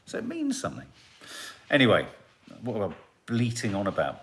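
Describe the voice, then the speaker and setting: A middle-aged man talks casually on a live stream, mulling over viewers' comments. His voice sits low but swings widely in pitch, chatty and reflective. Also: huge pitch swings, moderate pace, creaky, a bit bright. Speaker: host reading live chat comments.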